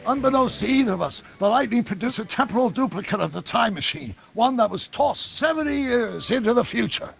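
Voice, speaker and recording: An actor playing an eccentric older male scientist in a video game, animated and full of technical talk. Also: extremely high pitch, fairly quick, vocal fry, hardly any pauses, heavily acted. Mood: fond. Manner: animated, talks in long technical run-ons. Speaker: time-travelling inventor. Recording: video game audio with faint background music.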